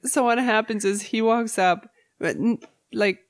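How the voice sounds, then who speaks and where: A woman chatting casually, opinionated and quick to laugh. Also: a little high. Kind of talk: casual chat about book adaptations.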